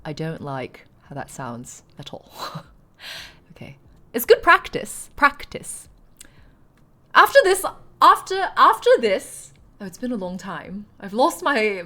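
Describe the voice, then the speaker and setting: A woman live streamer chatting casually and rambling, laughing often and poking fun at herself. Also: mid-range voice.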